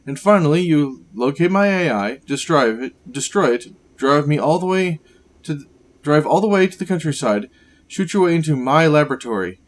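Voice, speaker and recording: A man voicing a gaunt, sickly male scientist villain, reading game dialogue aloud in a grave, measured way. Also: on the high side, animated, close to an everyday voice.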